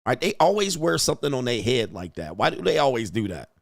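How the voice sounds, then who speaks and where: A man's voice: mid-range voice, very animated, quick pace, gravelly, dry recording, clean studio sound. A man hosting a live reaction show, exclaiming, laughing and making mocking asides over clips.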